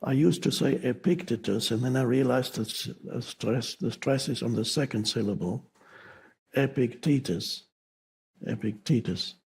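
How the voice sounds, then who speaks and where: A man giving a spiritual teaching talk, speaking slowly with pauses and halting restarts. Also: medium pitch, steady tone, vocal fry, husky, low-quality recording.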